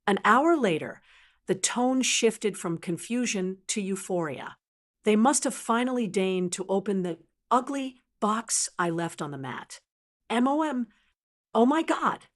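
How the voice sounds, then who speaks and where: Older woman telling her own story, cool and unhurried, mid-range pitch. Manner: calm, cold, deliberate. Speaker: narrator. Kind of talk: scripted first-person narration.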